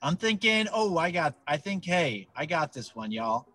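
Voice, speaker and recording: A man's voice: fairly high pitch, big pitch swings, normal speed, a crowd in the background. A man co-hosting a casual comedy podcast, goofy and jokey, guessing wildly at trivia. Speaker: podcast co-host.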